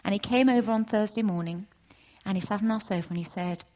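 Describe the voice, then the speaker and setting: A middle-aged woman giving a testimony at a church session, storytelling with lively acted-out dialogue. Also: fast. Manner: animated storytelling, acts out voices with big pitch jumps. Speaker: church speaker. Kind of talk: testimony sermon.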